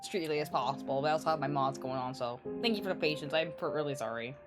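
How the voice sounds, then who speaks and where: A woman's voice: low-pitched, quick pace, loud music behind the voice. A woman streaming as she reads a game aloud, chatting with her viewers in a chatty, apologetic way. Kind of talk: live-stream chat while reading a game.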